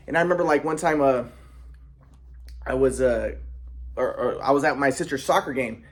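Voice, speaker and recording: Dude rambling about himself to camera, lots of restarts and throat clearing, mid pitch. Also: male voice, fairly quick. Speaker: vlogger. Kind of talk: casual monologue.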